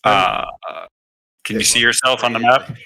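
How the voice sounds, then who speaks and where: A man's voice: medium pitch, moderate pace, rough recording. A man narrating and explaining rules as dungeon master of a tabletop game. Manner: relaxed, explains rules step by step.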